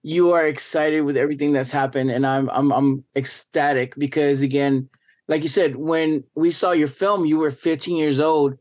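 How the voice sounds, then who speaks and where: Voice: mid-range voice, steady tone, moderate pace, darkish tone. A podcast host interviewing a guest with enthusiastic, rambling talk full of restarts.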